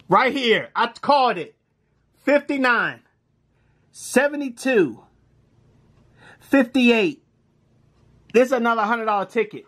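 A man, commenting casually as he scratches lottery tickets, reading numbers aloud in slang and breaking into excited shouts. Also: extremely high pitch, slow pace, long pauses.

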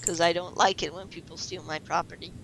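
A woman hosting a let's play, chatting casually over a card game in a playful, teasing way that is quick to complain. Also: on the low side, steady tone, vocal fry, fairly bright tone, low-quality recording. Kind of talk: casual gaming banter.

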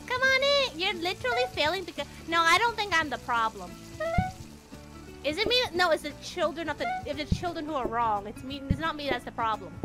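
A woman with a very high, squeaky voice whines and repeats herself in frantic gaming banter. Loud game music plays behind her the whole time. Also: fairly quick. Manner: whiny, excitable, repeats herself. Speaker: guest streamer.

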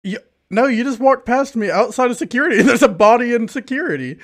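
High, lively young man accusing others. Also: fast. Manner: accusing, laughing, repeats himself. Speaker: player. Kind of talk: gaming voice chat.

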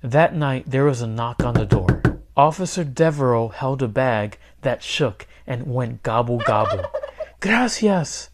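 A man, a teacher, reading a children's picture book aloud in clear, steady storytelling. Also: mid-range voice, a little slow, background noise. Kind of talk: children's read-aloud narration.

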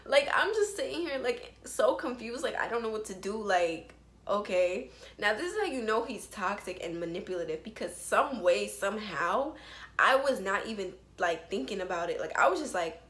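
Young woman vlogger spilling a story to camera, casual and animated, lots of slang, roomy echo. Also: medium pitch, moderate pace. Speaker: vlogger telling a personal story. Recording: echoey room.

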